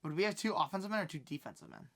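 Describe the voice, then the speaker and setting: A man co-hosting a casual podcast on a headset mic. He makes quick, wry remarks and often restarts his sentences. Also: high-pitched, expressive, a bit bright. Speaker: podcast co-host. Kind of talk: casual chat.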